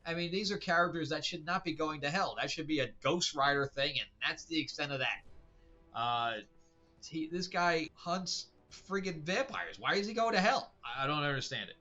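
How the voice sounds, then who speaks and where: A man's voice: a little high, animated, normal speed, bright, forceful tone, lo-fi sound, soft background music. A male host giving a casual, opinionated comic book review that rambles, with many fillers and restarts. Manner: blunt, opinionated.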